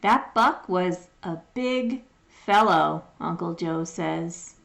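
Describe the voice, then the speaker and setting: A woman leads a phonics lesson and sounds out each word patiently, one at a time. She talks very slowly, with a gravelly edge to her voice. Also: fairly low pitch, lively intonation, a bit bright. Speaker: phonics teacher. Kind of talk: slow phonics lesson reading.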